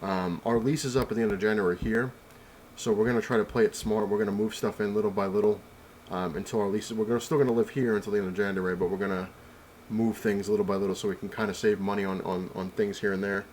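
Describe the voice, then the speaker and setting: A man's voice: lowish voice, fairly even intonation, fast talker, darkish tone, slight background noise, rough recording. A young man vlogging from home, telling a long story in a rambling way, full of fillers and restarts. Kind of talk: casual storytelling.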